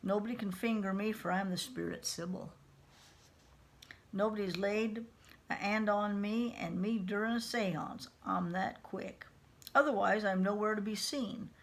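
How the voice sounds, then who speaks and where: A woman's voice: mid-range voice, steady tone, close to an everyday voice. A woman reading aloud, voicing a scrawny, sassy young girl with a hollow voice who drops her H's. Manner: sassy, quick retorts. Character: scrawny, snaggle-toothed, brash young girl, sassy and streetwise.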